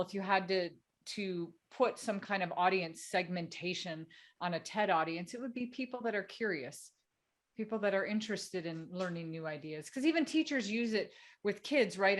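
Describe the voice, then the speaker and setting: A woman co-host talks in a loose, chatty way, laughing as she goes and filling her sentences with casual fillers. Her pitch sits in the middle range. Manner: chatty and animated, laughing and filling with "like" and "you know". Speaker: podcast co-host. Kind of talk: casual podcast conversation.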